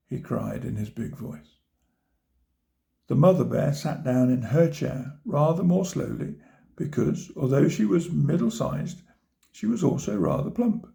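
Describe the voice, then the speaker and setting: A man reads a children's picture book aloud at a very unhurried pace, stopping to point out the pictures. His voice is gravelly and mellow, sitting a touch high for a man. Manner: gentle, pointing out pictures to listeners. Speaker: storybook reader.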